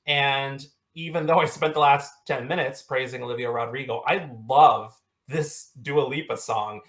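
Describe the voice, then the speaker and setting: A man's voice: medium pitch, normal speed, fairly bright tone. A man on a casual music panel, teasing and wry.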